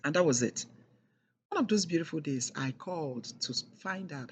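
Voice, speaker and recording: A woman's voice: low-pitched, expressive, moderate pace, a little hiss or hum. A middle-aged woman telling a personal story in an emphatic, repetitive way, leaning hard on key words. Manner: emphatic and repetitive, with heavy stresses. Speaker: speaker sharing a personal testimony.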